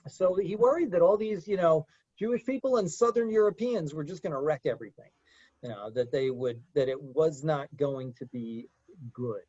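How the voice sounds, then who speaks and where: Man, high-pitched voice, leading a group talk, hesitant, lots of fillers, dry and dull lo-fi sound. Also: expressive, moderate pace, warm tone, slightly rough, no echo. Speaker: discussion leader. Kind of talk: conversational lecture.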